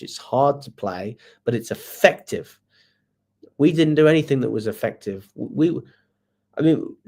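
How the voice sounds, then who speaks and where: Exasperated football fan ranting. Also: male voice, medium pitch, creaky, darkish tone. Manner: exasperated, swearing, rapid rhetorical questions. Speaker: football fan channel host. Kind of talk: live match review reading viewer comments.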